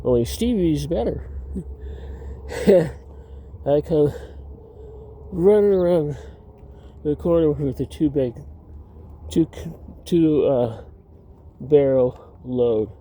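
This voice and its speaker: A man speaking outdoors in a deep, mellow, very dark voice, drifting from one personal story to the next. He talks slowly and loosely, restarting sentences and chuckling at his own anecdotes. Faint traffic hums in the background. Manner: meandering, self-interrupting, laughs at own stories. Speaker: vlogger.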